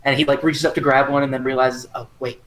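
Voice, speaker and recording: A man's voice: medium pitch, little pitch movement, fast talker, a bit bright, rough recording. A man hesitantly describing his character's actions in a tabletop game. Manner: rambling, hesitant. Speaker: player. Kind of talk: casual tabletop play.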